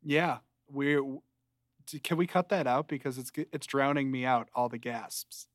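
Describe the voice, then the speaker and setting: A young man co-hosting a podcast, chatting casually and ranting at his friend in mock anger, with a dry deadpan delivery. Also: mid-range voice, normal speed, no echo. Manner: mock-angry deadpan rants. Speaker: podcast co-host. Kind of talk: casual chat.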